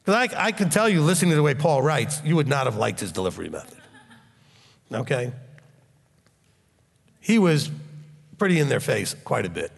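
A man preaching a sermon in a blunt, animated way and leading a closing prayer. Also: mid-range voice, normal speed, vocal fry, pauses often, big-room sound. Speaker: pastor.

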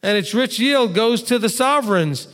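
A man teaching through scripture in a sermon with a notably high-pitched voice. He talks in a conversational way and turns often to speak straight to his listeners. The sound rings with the long reverb of a large hall. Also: expressive, moderate pace, a bit bright. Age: adult father of two. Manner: conversational, addresses listeners directly with asides. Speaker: pastor.

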